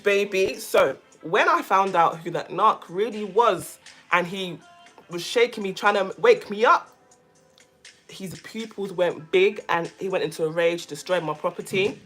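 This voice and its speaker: A woman vlogger talking casually to her viewers, animated and emphatic, often repeating phrases for stress. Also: medium pitch, a little slow, soft background music. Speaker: vlogger, self-care coach. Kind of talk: casual chat to camera.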